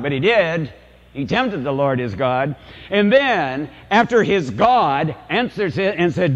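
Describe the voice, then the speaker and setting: A man's voice: fairly high pitch, animated, a little slow, long reverb tail, muffled recording. An older man, a priest, preaching a sermon in a storytelling, confessional way, asking the congregation rhetorical questions.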